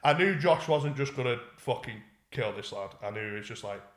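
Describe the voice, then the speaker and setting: In a reverberant room, the podcast co-host speaks in a mid-range voice, animated and a little fast, telling a wandering, sweary tale in casual conversation and voicing the people he quotes.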